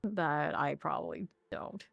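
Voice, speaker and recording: A woman's voice: low-pitched, measured pace, creaky, fairly bright tone, no room sound, muffled recording. A woman streaming a game live, rambling chattily and laughing often as she plays. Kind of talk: live gameplay commentary.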